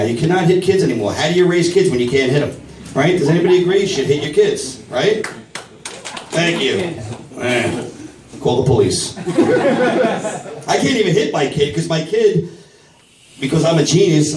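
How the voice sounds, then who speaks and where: A middle-aged man doing a crude, rambling stand-up set for a live audience, bursting into shouted voices for his own reactions. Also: on the high side. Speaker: stand-up comedian. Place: comedy night at a vape shop, live audience. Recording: roomy live venue, mic from a distance, crowd noise. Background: audience laughter and clapping.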